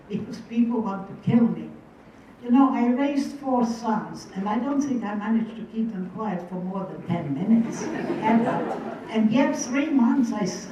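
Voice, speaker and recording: A woman's voice: mid-range voice, dark tone, slight background noise. A woman in her eighties, a guest speaker, telling her personal story to an audience in an earnest, vivid way and repeating phrases for weight. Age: 80s. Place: large room with a live audience. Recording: distant, echoey, muffled hall recording.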